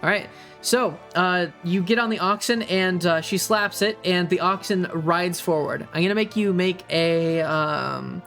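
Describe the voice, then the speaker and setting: A young man narrating a tabletop game as game master, pausing often with ums and uhs. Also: high voice, creaky, fairly bright tone, soft background music. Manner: halting, many ums and uhs.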